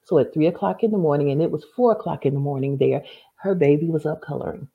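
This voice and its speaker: Over phone-quality audio, a woman author speaks as a guest in a storytelling interview answer, her deep, creaky voice moving fast. She tells her story earnestly and with faith, often acting out what other people said.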